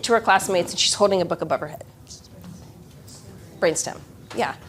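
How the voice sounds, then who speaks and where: Animated woman presenting a workshop. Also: mid-range voice, slight background noise. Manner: animated, acts out children's voices. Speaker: education presenter.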